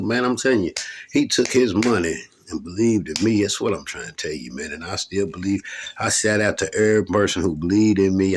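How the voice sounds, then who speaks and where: A middle-aged rapper from Louisville, Kentucky, tells rambling, profane stories about his hip hop days. His low voice has a breathy edge, and the monologue is laid-back and casual.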